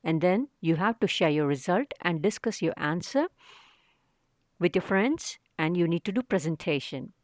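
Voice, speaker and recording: Woman, teacher, recorded lesson for kids, patient step-by-step explaining, slightly low voice, dry close sound. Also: expressive, normal speed, no room sound. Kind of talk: recorded video lesson for children.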